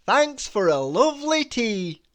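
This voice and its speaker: Cheerful little storybook man, read by a woman; high, eager exclamations. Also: very animated, unhurried. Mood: cheerful surprise. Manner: bright, exclaiming.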